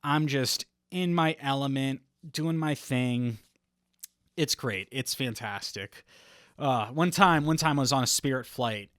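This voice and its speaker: A young man hosting a comedy podcast alone, riffing in a rambling, deadpan way and laughing at his own lines. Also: medium pitch, a little slow, dry recording, clean studio sound. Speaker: podcast host. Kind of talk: comedic solo podcast monologue.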